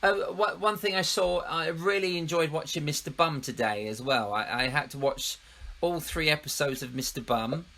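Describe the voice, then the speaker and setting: A man's voice: fairly high pitch, normal speed, vocal fry, pushed and bright. A man hosting a casual interview, chuckling and enthusiastic. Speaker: host.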